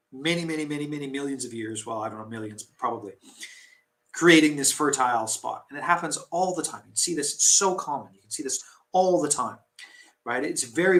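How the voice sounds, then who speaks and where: A man's voice: on the high side, fairly bright tone. A man hosting a casual tea live stream, chatting in a rambling, self-deprecating way with many restarts.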